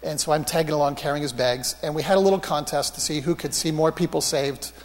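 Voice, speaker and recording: A man preaching a sermon, telling healing stories in an animated, anecdotal way with self-mocking humor. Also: fairly high pitch, quick pace, long reverb tail, slight background noise. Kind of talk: storytelling sermon.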